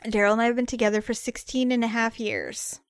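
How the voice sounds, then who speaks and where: Emphatic Midwestern woman, slightly high voice. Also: flat delivery, fast talker, clean tone, dry recording, studio quality. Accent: Midwestern American. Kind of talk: casual chat.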